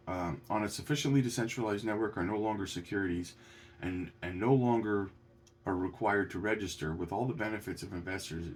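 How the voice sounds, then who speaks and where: Indignant man with a low voice. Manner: indignant, rising to incredulous peaks; halting with many restarts and fillers. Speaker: crypto commentator. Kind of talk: casual commentary reading documents.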